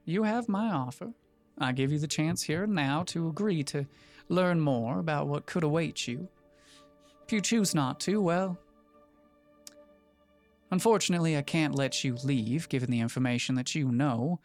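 A man playing a grave male recruiter for a secret cause, speaking in a calm, measured way with a quiet menace. Faint music plays behind him. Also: fairly high pitch, natural voice. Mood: solemn.

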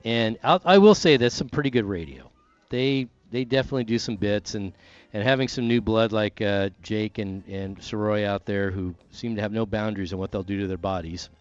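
A man, a sports radio host chatting casually and doing live reads in a rambling, animated way. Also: on the low side, a little fast, clear, resonant tone, dry recording, muffled recording.

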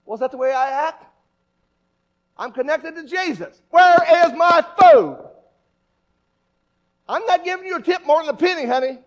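A preacher mocking a loud, demanding churchgoer. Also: male voice, extremely high pitch, normal speed, long pauses, pitched above the performer's own voice, poor audio. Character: rude, self-righteous churchgoer at a restaurant, man.

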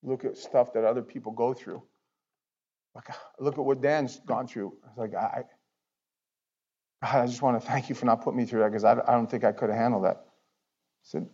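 Male pastor, fairly high voice, preaching in a chatty way with sudden loud bursts and hushed asides, dull lo-fi sound. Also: moderate pace. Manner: conversational, swings from loud outbursts to near-whispers. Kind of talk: sermon.

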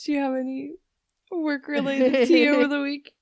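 A woman's voice: sits high, normal speed, dry recording. A young woman co-hosting a casual chat, telling stories with lots of swearing and acted-out quotes. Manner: animated storyteller, swears freely, acts out quotes.

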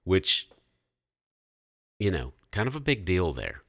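Very deep-voiced man retelling a Bible story. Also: slow, no echo, clean studio sound. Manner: relaxed storytelling, reads scripture aloud. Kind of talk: casual Bible discussion.

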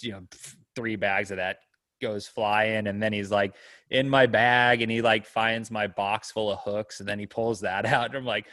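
A man's voice: lowish voice, steady tone, moderate pace, a bit bright, no echo, studio quality. A man telling a long story in casual chat, rambling, with lots of fillers, and acting out the people in it. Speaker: storyteller guest.

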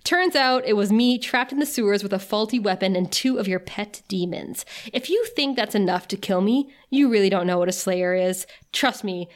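A woman's voice: medium pitch, normal speed, hardly any pauses, close to an everyday voice. A woman voicing a defiant young female slayer in a cool, threatening way.

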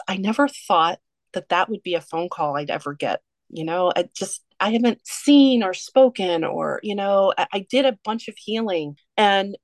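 A woman's voice: deep voice, no echo. A woman guest on a podcast, telling a personal story in a candid, earnest way. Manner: candid, earnest, steady through a heavy story.

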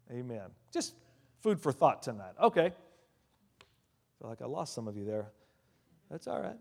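A man preaching a sermon who swings between hushed asides and loud emphatic declarations, calling out hallelujah and amen between points. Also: on the high side, very animated, moderate pace, gravelly, long pauses. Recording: long reverb of a large hall.

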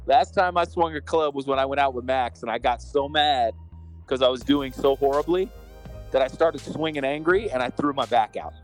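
A man's voice: mid-range voice, normal speed, soft background music. A man, a podcast co-host, chatting casually and rambling through a story, acting out the people in it. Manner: rambling storyteller, acts out dialogue. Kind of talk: casual chat.

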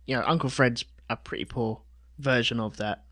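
A man's voice: medium pitch, fairly even intonation, normal speed, sharp tone. A man co-hosting a podcast in casual chat, joking around. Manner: jokey, slips into mock Cockney voices. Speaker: podcast co-host.

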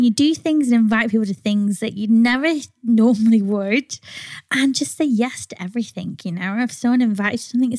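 A woman's voice: fairly high pitch, no room sound. A woman from England co-hosting a podcast, talking reflectively and earnestly, with casual swearing. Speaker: podcast co-host. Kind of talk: casual chat.

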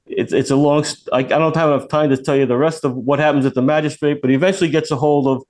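A man's voice: a little high, fast. A man in later life, a retired federal agent, telling a long story as a guest on a radio show, acting out the voices of the people in it and often restarting his sentences. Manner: animated, acts out quoted voices, many restarts. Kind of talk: casual storytelling.

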